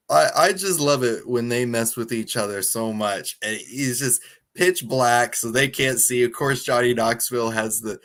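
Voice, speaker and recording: A man co-hosting a movie review podcast in casual chat, laughing often as he retells scenes quickly. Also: mid-range voice, fairly bright tone.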